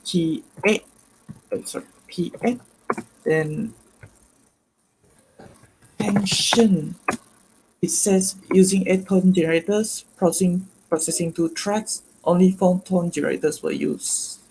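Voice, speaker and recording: A man's voice: high-pitched, noisy background. A man presenting a live online demonstration on a video call, explaining step by step and stopping often to correct himself. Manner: halting, self-correcting, step-by-step. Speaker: guest presenter.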